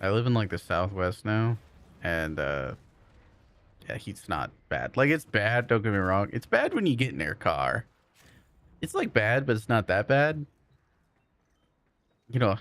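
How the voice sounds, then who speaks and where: A man's voice: lowish voice, big pitch swings, a little slow, long pauses, a bit bright. A man rambling and joking in casual chat while streaming a game, full of folksy asides. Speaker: gaming streamer.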